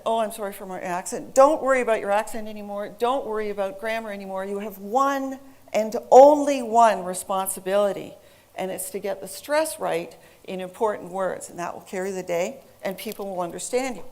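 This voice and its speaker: A middle-aged woman from North America giving a lively, emphatic talk on stage and speaking directly to her audience. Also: a little high.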